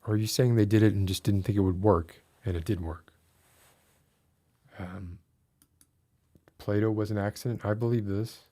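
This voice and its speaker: A man's voice: fairly low pitch, fairly even intonation, normal speed, pauses often, dark tone. A man streaming and chatting casually, ranting with mock outrage and laughing at himself. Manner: rants with mock outrage, voice rising when worked up. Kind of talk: casual chat with a live audience.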